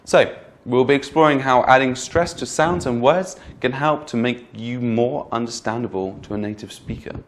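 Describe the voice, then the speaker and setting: Male English tutor, middle pitch, slow and deliberate, drawing out stressed syllables. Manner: models words slowly with exaggerated stress. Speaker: English pronunciation teacher. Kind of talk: slow, clear teaching delivery.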